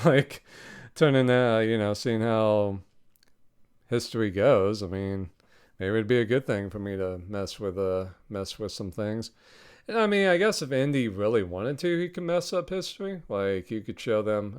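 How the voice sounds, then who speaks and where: A man's voice: on the low side, moderate pace, clean tone. A man hosting a podcast, reviewing a film in a casual, rambling, profane way with frequent laughs. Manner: profane, laughing, animated retelling.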